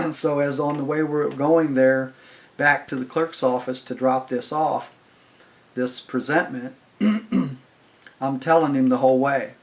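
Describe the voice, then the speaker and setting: An older man spins a long, casual anecdote at his own loose pace. His voice sits at an ordinary middle pitch, and his telling wanders with fillers and restarts as he recounts what happened. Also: slow pace. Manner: rambling, conversational, heavy on "I was like" and fillers. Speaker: channel host telling stories. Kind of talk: casual storytelling.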